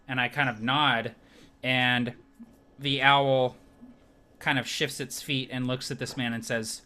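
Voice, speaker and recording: Bright-voiced player describing his actions. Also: mid-range voice, little pitch movement, slow pace, long pauses, smooth. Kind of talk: playing a tabletop game.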